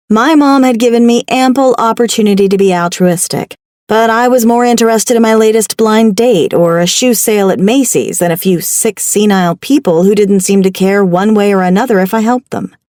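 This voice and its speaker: A woman narrating a first-person audiobook in a wry, expressive storytelling manner, recorded on a studio microphone. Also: mid-range voice, normal speed, no room sound.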